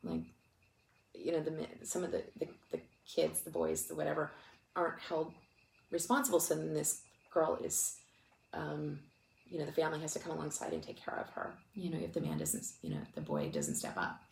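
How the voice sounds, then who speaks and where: A woman's voice: low-pitched, very animated, normal speed, gravelly, a little mellow. A woman ministry speaker telling a story in a casual, chatty way, full of restarts and fillers, and close to tears. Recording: echoey room with faint noise.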